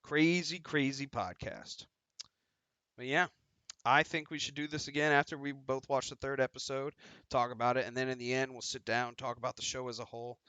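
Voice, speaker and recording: Man, stream host, casual chat, swears freely, very bright voice, dry sound. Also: mid-range voice, little pitch movement, fast talker, clear, resonant tone, dry recording.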